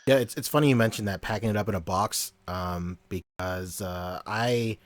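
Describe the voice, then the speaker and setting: A man's voice: lowish voice, moderate pace, no room sound. A man co-hosting a podcast in casual chat, who laughs often while talking. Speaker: podcast co-host.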